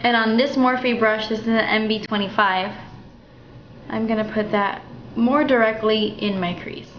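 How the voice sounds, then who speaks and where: A young woman walking through a makeup tutorial in a chatty, relaxed way at home. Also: fairly high pitch, unhurried, slight background noise. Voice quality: chatty, relaxed, thinking aloud. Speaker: beauty vlogger. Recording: dull, slightly roomy home recording.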